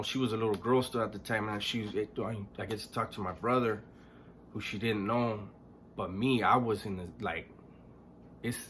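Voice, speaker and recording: Low-voiced man telling a hard story. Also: a bit bright, a little hiss or hum. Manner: low-key, halting, frequent restarts and throat clearing; blunt, swears freely. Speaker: storyteller recounting his past. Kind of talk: casual spoken storytelling.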